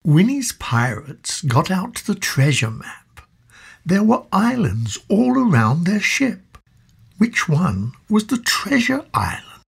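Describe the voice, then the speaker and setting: A woman narrating a children's storybook in an expressive, slow storytelling manner. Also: on the low side, creaky, husky.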